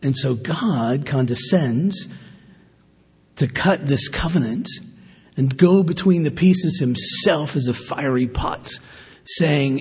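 Husky male preacher in a reverberant hall. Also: fairly high pitch, slow pace. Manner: conversational, earnest, with fillers and asides. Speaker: pastor. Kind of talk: sermon.

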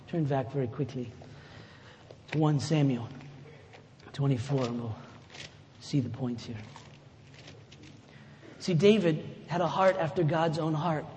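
A pastor giving a sermon in a conversational way, rising to loud emphatic lines and dropping to soft, low asides. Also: male voice, a little hiss or hum. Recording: echoey hall with faint ambience.

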